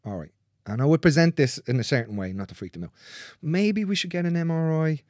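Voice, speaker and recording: A man with a fairly high, slightly mellow voice talks quickly and expressively, recorded in a dry studio with no echo. He's a manual therapist chatting casually about his clients, blunt and swearing freely as he acts out what people told him.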